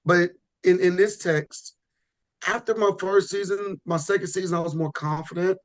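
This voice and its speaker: Podcast guest, male: easygoing and rambling, restarts a lot, pitched a touch high. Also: moderate pace. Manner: relaxed, rambling with frequent restarts and "you know". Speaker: podcast guest, pro bodybuilder. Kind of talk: casual podcast chat.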